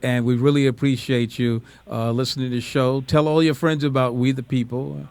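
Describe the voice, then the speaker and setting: A man's voice: medium pitch, fairly even intonation, normal speed, a little mellow, dry recording. A man from the United States hosting a call-in radio talk show, speaking in an earnest, encouraging way.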